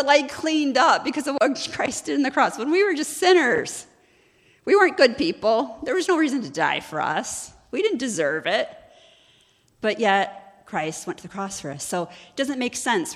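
A woman's voice: high-pitched, very animated, a little slow, a bit bright. Conversational woman preacher in a big echoing hall. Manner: conversational, storytelling, asks the audience questions. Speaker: ministry executive director teaching. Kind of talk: sermon-style teaching.

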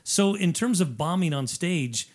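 A man's voice: sits high, a little slow. Middle-aged improv guy telling funny stories, acts out what people said, laughs a lot, casual chat. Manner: animated storyteller who acts out what people said and laughs between lines. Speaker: improv comedy troupe performer and guest. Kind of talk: casual podcast chat, storytelling.

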